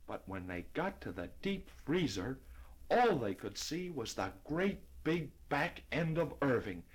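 A man reading a children's storybook aloud in a lively, expressive way. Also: mid-range voice, unhurried, breathy edge, rough recording. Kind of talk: storybook narration.

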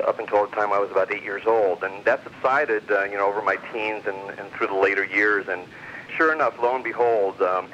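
A middle-aged man spins a rambling personal story full of fillers and restarts. His voice sits a little low but carries a bright, forward edge. The recording is muffled and lo-fi, with a faint hiss underneath. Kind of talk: casual storytelling.

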